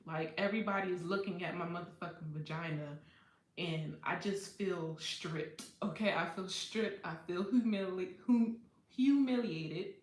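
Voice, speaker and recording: A woman's voice: mid-range voice, roomy sound. A woman hosting a livestream, telling a personal story in a candid, profane way and laughing often. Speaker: livestream host. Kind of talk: casual storytime chat.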